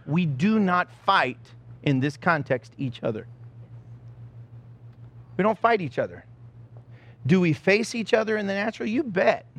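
High-voiced animated preacher man. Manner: animated storytelling, self-mocking, acts out the scenes. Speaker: pastor. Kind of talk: sermon.

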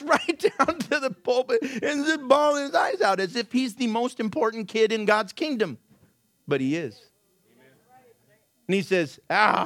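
A male pastor with a notably high voice preaches with energy, swinging from raised exclamations to soft, low asides. He asks his listeners rhetorical questions. The sound is close and dry, with no room echo. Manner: animated storytelling with sudden drops to a low, quiet aside. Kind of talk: sermon.

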